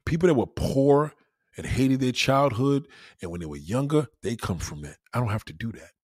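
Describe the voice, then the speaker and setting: A man ranting at mid pitch, swearing freely and firing off one rhetorical question after another. The sound is dry and close, with no room echo. He talks straight to his livestream viewers. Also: lively intonation, normal speed, darkish tone, breathy edge. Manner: profane, emphatic, full of rhetorical questions. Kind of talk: ranting monologue.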